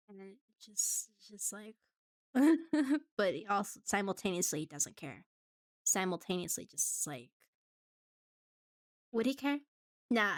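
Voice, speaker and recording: A woman's voice: medium pitch, a bit bright, no echo, clean studio sound. A woman streaming live in casual chat, giggling often and rambling with restarts.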